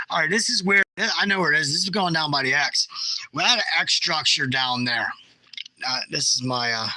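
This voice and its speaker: Bright, dry-voiced blunt man. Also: mid-range voice, vocal fry, no echo, poor audio. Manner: animated, jokey, blunt. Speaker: bigfoot researcher. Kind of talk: casual chat showing field photos.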